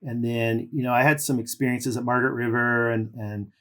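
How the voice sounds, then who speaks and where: A man's voice: medium pitch, a little fast. A middle-aged man from California, a former pro surfer, casually telling long stories as a podcast guest with loose fillers. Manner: relaxed, rambling with fillers. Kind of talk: casual storytelling.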